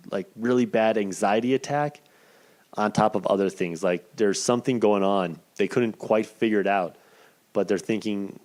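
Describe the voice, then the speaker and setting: A man in his thirties hosting a podcast, telling a personal story in a casual, profane, animated way. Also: on the low side. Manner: profane, animated, acts out quoted voices. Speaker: podcast host.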